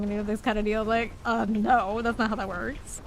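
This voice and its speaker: A woman's voice: a little high, little pitch movement, fairly quick, a little hiss or hum, rough recording. A woman game streamer chatting casually and playfully while she plays, laughing often and exclaiming. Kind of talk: casual chat while live gaming.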